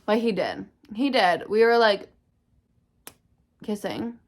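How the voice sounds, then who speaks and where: A woman's voice: medium pitch, slow. A young woman telling a candid, swear-filled personal story in a casual storytime vlog, acting out what people said. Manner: candid, swears often, animated retelling. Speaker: vlogger.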